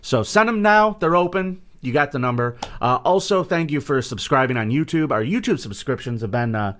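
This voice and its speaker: Teasing podcast host with music behind. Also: male voice, mid-range voice, animated, a little fast, a bit bright, a little hiss or hum. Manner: teasing, joking banter. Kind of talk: casual chat and sponsor reads.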